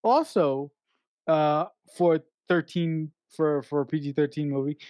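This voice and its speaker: Halting man podcast host, dry sound. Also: fairly high pitch, fairly even intonation, a little mellow, clear, resonant tone, dry recording. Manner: halting, repeats words and restarts often. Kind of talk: casual film review chat.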